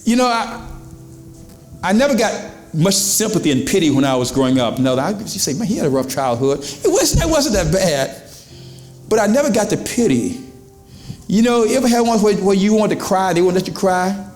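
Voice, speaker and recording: A man's voice: sits high, very animated, normal speed, darkish tone, reverberant, soft background music. A pastor preaching to his congregation in a church, in a conversational style with questions to the crowd and quoted voices. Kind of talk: sermon. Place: church sanctuary.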